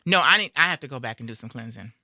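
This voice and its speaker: Frank fifty-something woman, bright voice. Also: rumbling low, expressive, racing, dry recording, clean studio sound. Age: 50s. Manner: frank, bawdy, laughing. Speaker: guest co-host. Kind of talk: casual comedic chat.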